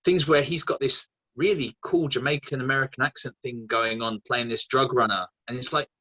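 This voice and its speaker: A man, a guest actor chatting casually in an interview, animated and quick to laugh. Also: mid-range voice, poor audio. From England. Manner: animated, laughing, many restarts.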